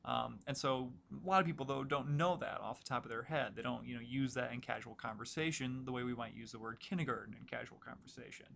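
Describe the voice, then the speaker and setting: Male writing instructor, gravelly voice, casual lecture delivery full of fillers, faint background hiss. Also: medium pitch, fast, few pauses, fairly bright tone. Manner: casual, filler-heavy explaining. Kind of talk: recorded lecture walkthrough.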